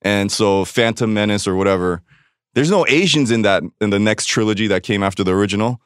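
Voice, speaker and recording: A man's voice: lowish voice, a little fast, smooth, dry recording, clean studio sound. A man from Los Angeles, a podcast guest telling a personal story in blunt, profane casual chat, acting out what others said to him. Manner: blunt, profane storyteller who acts out quotes.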